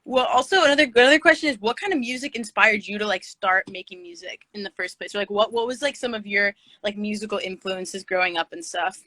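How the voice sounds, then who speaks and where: Bright-voiced woman hosting a casual phone livestream. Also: mid-range voice, fast talker, few pauses, dry recording, rough recording. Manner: giggly, scattered, reads fan questions aloud. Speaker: livestream host. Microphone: phone video stream.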